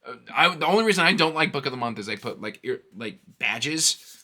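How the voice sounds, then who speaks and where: A man in his thirties talks through his reading plans in a casual, rambling vlog, breaking into animated asides. His voice is bright and forward and sits at an ordinary middle pitch. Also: fairly quick. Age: 30s. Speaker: book channel host.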